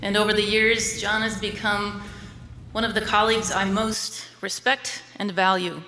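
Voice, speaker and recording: A woman reads an admiring introduction for a guest speaker. Her voice is bright and crisp. A long hall reverb trails behind her words. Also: medium pitch, flat delivery, normal speed, slight background noise. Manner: admiring, reading from notes. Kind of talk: prepared introduction. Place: lecture hall.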